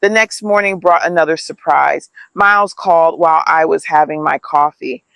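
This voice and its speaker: A man reads a scripted family story in a steady, even manner. His voice sits a little high and is recorded dry and close, with no room sound. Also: normal speed, vocal fry, smooth, dry recording. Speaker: narrator.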